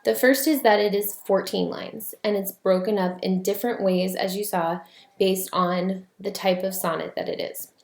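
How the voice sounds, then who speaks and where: A woman's voice: medium pitch, fairly even intonation, moderate pace, vocal fry, roomy sound. A woman teaching an online class in a casual, explanatory way with many fillers.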